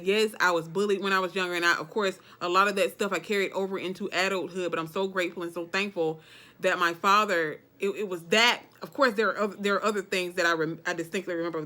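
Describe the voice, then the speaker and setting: A woman's voice: mid-range voice, pushed and bright. A woman from Alabama with a Southern accent, talking casually and emphatically to her viewers. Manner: chatty, emphatic, keeps saying okay, dialect grammar. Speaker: vlogger. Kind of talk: casual motivational talk to camera.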